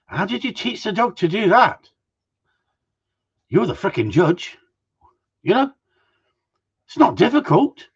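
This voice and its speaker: Husky middle-aged man, outspoken gundog trainer on a lo-fi live stream, rambling and profane. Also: high voice, very animated, slow, long pauses. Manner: blunt, swears freely, rambling and opinionated. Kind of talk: casual live-stream rant. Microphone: live-stream mic.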